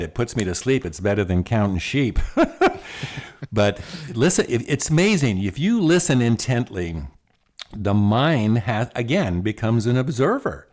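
A man's voice: mid-range voice, darkish tone. An older man giving a casual, folksy talk about the mind, often repeating words and chuckling. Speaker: speaker on self-talk and the mind.

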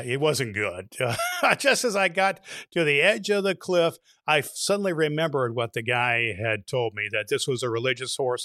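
A man co-hosting a talk show, telling a long joke in a folksy, drawn-out way, now and then shouting the punchlines. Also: a little high, dry recording, studio quality. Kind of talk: casual storytelling.

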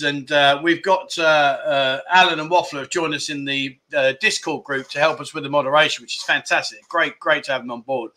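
A chatty man hosting a livestream, greeting viewers by name as he reads out their comments. His voice is high-pitched and very bright, with a tense, sharp edge. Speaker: livestream host. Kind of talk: casual livestream chat. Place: in Pattaya, Thailand.

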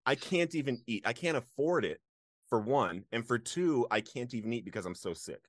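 A man's voice: medium pitch, moderate pace, dry recording, studio quality. A man as an interview guest, sharing a personal story earnestly and emotionally, breaking into laughs now and then. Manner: earnest, laughs often, animated when reliving moments.

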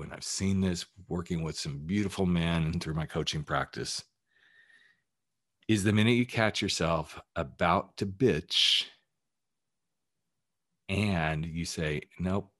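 Low-voiced, candid male life coach. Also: measured pace, long pauses, a bit bright, slightly rough. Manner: candid and emphatic, with casual swearing. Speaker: life coach and podcast host. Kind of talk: motivational podcast monologue.

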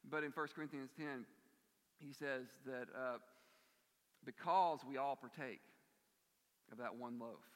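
A man preaching a sermon in a church, earnest and emphatic, swinging between forceful stress and quieter passages. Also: mid-range voice, a little slow, pauses often. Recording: long reverb of a large hall.

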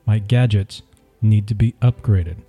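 Man, podcast co-host, casual chat, playful and teasing, warm mellow tone. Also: lowish voice, fairly even intonation, measured pace, faint music behind.

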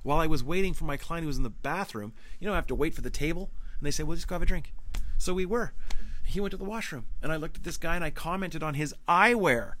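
A man from Canada, hosting a podcast, telling a personal story in a casual, animated way, laughing often and acting out the voices he quotes. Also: fairly high pitch, fast talker, poor audio. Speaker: podcast host. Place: lakeside cottage.

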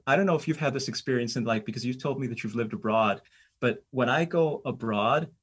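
A man's voice: medium pitch, breathy edge. A middle-aged American man telling travel stories in casual, rambling conversation, full of fillers and restarts. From United States. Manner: rambling, animated anecdotes with many fillers. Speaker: guest.

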